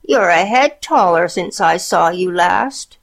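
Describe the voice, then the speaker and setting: A woman's voice: lowish voice, expressive, slow, gravelly, exaggerated voice. A woman voicing a sly, hungry male wolf who speaks in a falsely pleasant, coaxing way, in a storybook reading. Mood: falsely sweet.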